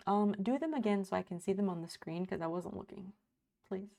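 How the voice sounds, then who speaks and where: A woman's voice: mid-range voice, expressive, moderate pace, gravelly, warm tone. A woman in her thirties, a live streamer, chatting casually and rambling while she reads her chat aloud and swears freely. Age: 30s.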